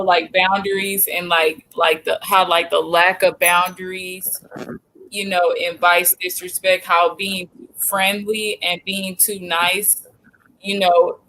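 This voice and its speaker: A woman's voice: lowish voice, fairly bright tone, rough recording. A woman in casual chat, hesitant and full of fillers while explaining something.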